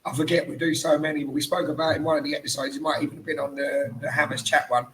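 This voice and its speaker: A man's voice: fairly high pitch, little pitch movement, rapid-fire, a bit bright, slight background noise, rough recording. A tired man hosting a casual, banterous football chat podcast. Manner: chatty, banterous. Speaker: podcast host.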